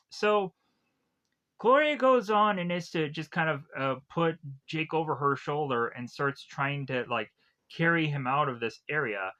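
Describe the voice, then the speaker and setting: A man's voice: fairly high pitch, pushed and bright, highs cut off. A man casually retelling a film's plot in a rambling way, full of fillers and restarts. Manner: rambling, filler-heavy retelling with quick acted quotes. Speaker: film reviewer.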